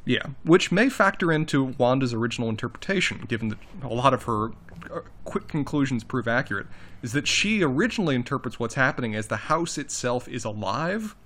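A man's voice: mid-range voice, brisk. Man recapping a novel, casual. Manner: animated, self-correcting, summarizes plot at length. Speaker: podcast co-host. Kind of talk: casual book discussion.

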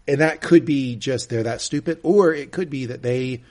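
A man's voice: medium pitch, moderate pace. A man co-hosting a podcast, casually recapping a TV episode and acting out the characters' lines. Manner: animated, reenacts quotes. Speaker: podcast co-host.

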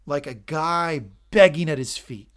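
A man co-hosting a casual TV recap podcast, animated and emphatic, swearing freely. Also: on the high side, a little slow. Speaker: podcast co-host.

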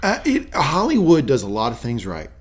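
A man co-hosting a casual show recap podcast, telling it with wry, animated asides. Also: medium pitch, normal speed. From rural Southern US. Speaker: podcast co-host.

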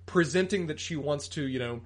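Husky guy on a review podcast, a bit high-voiced, listing gripes one by one. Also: brisk. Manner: methodical, lists points, critical. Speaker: podcast co-host. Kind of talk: casual review chat, critique.

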